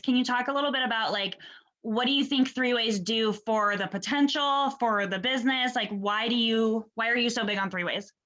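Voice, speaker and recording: A woman's voice: a little high, fairly bright tone, muffled recording. A woman hosting a video call, chatty and enthusiastic, swearing now and then. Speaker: host. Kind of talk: casual video call chat.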